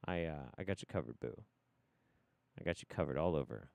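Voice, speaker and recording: A man hosting a livestream who gives profane, rambling, animated commentary. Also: extremely low pitch, normal speed, vocal fry, no room sound. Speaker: livestream host.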